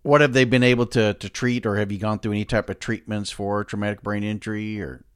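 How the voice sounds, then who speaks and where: Male host, low voice, dry sound, curious, casual interviewer. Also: steady tone, fast, clean tone, no room sound. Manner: curious, asks follow-up questions. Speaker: podcast host.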